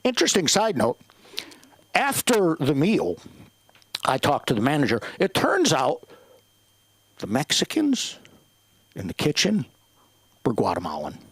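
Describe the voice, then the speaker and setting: A stand-up comedian rattles off a profane, self-deprecating set. His voice sits high and leaps all over the place in pitch. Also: wildly swooping pitch, unhurried, long pauses, breathy edge, no room sound. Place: comedy club stage.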